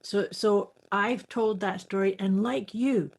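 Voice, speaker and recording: A woman co-hosting a podcast in casual chat, speaking reflectively and pausing to find her words. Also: medium pitch, gravelly, a little mellow. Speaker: podcast co-host.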